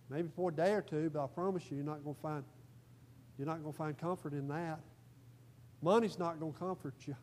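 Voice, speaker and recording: Preacher guy, highish voice, folksy sermon, repeats stuff, gets loud then quiet. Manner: folksy, repeats phrases for emphasis, rises and falls in volume. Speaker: pastor. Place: church.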